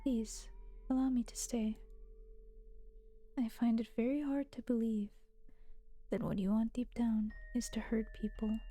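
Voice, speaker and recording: A woman whispering as a gentle calm maiden. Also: on the high side, unhurried, long pauses, dry recording. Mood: resolved. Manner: soft, earnest, often whispered. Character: calm, gentle young woman captive, soft and sincere.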